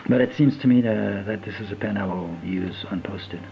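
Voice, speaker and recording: A man in his fifties casually reviewing a fountain pen, talking in a halting, rambling way with lots of fillers and trailing off as he writes. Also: lowish voice, creaky, muffled recording, slight background noise. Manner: rambling, halting, many fillers, drifts to a mutter while writing. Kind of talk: casual unboxing and writing test.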